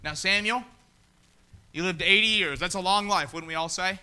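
A man preaching a sermon in a church, swinging between shouted appeals and quiet asides. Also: high voice, normal speed, smooth. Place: church sanctuary.

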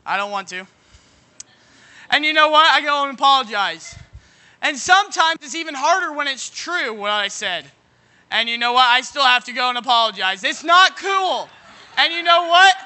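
High, bright-voiced man preaching a sermon. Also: animated, normal speed. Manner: keeps repeating "you know what?", folksy everyday examples; bursts into shouting at moments.

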